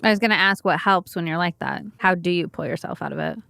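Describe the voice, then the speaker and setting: A woman hosting a podcast, asking gentle, curious questions. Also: on the low side, quick pace, gravelly, dry recording, studio quality. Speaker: podcast host. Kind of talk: interview questions.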